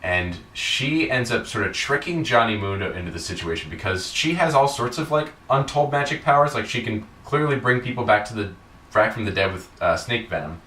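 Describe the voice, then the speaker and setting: A man's voice: medium pitch, lively intonation, fairly quick, sharp tone. A man hosting a podcast, casually recapping a wrestling show in a rambling way, full of fillers and swearing. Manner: rambling, filler-heavy, profane. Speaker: podcast host. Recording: echoey room, distant mic.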